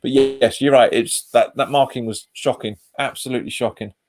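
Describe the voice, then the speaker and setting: A man's voice: medium pitch, steady tone, normal speed, darkish tone. A man hosting a live football watch-along stream, chatting casually with viewers and often calling them "mate," recorded on a webcam. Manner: chatty, reacts to live chat comments and the match. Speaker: host of a football fan channel.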